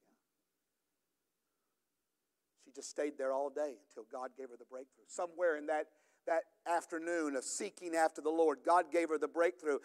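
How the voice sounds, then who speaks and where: Middle-aged man, pastor, high-pitched, preaches with rising, emphatic intensity. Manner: builds from quiet storytelling to loud, emphatic preaching. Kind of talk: sermon.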